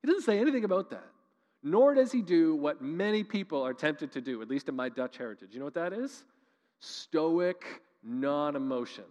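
A man's voice: a little high, very animated, fast, dark tone, big-room sound. A man preaching a sermon as pastor, earnest and conversational, building to emphatic rises.

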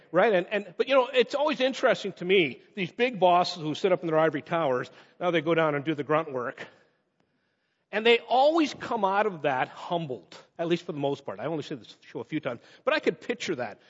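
Animated high-voiced male preacher. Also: breathy edge. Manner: animated, shifts to emphatic slow phrases and quick asides. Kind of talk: sermon. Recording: muffled sound in a reverberant hall.

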